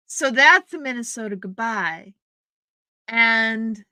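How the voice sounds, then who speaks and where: Woman livestream host, slow and clear, greets viewers by name, dry close sound. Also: fairly high pitch, bright, forceful tone, no echo. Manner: chatty and welcoming, addresses viewers by name. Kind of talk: casual chat reading out viewer comments. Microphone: streaming setup microphone.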